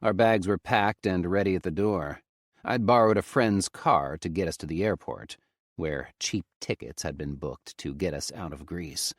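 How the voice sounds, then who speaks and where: A male audiobook narrator reading a first-person story in a grave, measured manner on a close studio mic. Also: low-pitched, no room sound.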